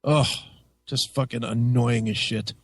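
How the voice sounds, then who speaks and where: A man hosting a radio talk show, telling a story in a casual, profane and animated way. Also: medium pitch, measured pace, creaky, no room sound. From United States. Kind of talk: casual chat.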